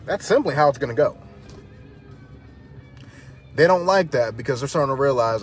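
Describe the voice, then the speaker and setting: A man's voice: medium pitch, expressive, moderate pace, long pauses, soft background music. A man speaking as a protest activist, fiery and defiant, hammering points home through repetition. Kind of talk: impassioned direct-to-camera talk.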